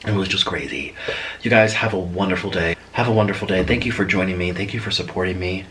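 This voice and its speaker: A man's voice: deep voice, quick pace, fairly bright tone. A man hosting a mukbang eating-show vlog, playful and rambling, chatting to viewers and cooing at his pet bird. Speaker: mukbang vlogger. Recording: distant mic with clear background noise.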